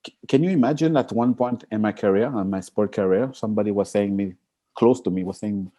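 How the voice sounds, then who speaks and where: A man being interviewed as an Olympic sprinter, telling stories with lively energy, acting out quotes in a high excited voice and laughing. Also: a little fast. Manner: expressive, jumps into high excited pitch, acts out quotes, laughs. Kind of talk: animated interview storytelling.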